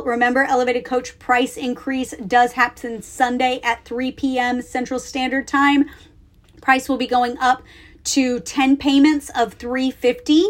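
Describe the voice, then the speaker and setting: A woman in her thirties hosting a podcast, talking casually from a closet at home in a chatty, animated way with lots of fillers. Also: fairly high pitch. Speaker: podcast host. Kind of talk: casual solo podcast talk.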